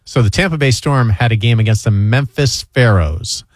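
Man from New York, radio host, animated storyteller, mid pitch, dry studio read. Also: normal speed, no echo. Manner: animated storyteller, acts out quoted voices. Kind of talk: casual chat.

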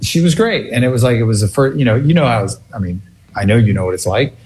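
A middle-aged man casually telling a long, rambling, animated anecdote, laughing now and then. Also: medium pitch, fast, slight background noise. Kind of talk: casual chat.

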